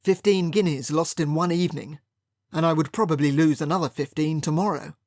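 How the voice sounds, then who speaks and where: An audiobook narrator reading a first-person period mystery in a wry, measured storytelling manner. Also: medium pitch, darkish tone, no echo, clean studio sound.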